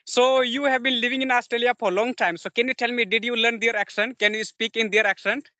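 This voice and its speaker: A man, from India, speaks as a guest learning English. He pauses often and fills the gaps with fillers. His voice is high and bright, and the sound is dry and close. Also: fairly even intonation, no echo. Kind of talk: casual conversation.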